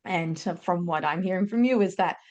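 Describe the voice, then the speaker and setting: A woman's voice: on the low side, fairly quick, darkish tone, lo-fi sound. A woman hosting an interview podcast, reflecting back on the guest's words and thinking aloud. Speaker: podcast host. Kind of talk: conversational interview.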